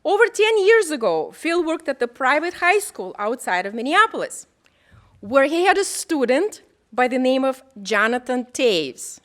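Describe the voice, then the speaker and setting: Woman doing a speaker intro, high bright voice, lively and playful. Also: unhurried. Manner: warm, playful, builds up the speaker. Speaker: school staff introducing the keynote speaker. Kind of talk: introduction speech. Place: auditorium.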